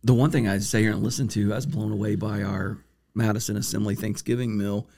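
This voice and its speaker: A man with a low, mellow voice, chatting on a church podcast. He sounds upbeat and keeps adding short affirming remarks. His tone stays soft and dark. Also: steady tone, fast talker. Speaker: podcast co-host. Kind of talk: casual chat.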